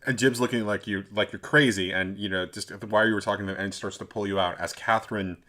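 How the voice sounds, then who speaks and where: A man running a tabletop role-playing game as game master, narrating in a rambling, halting way. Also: fairly low pitch, fairly even intonation, sharp tone.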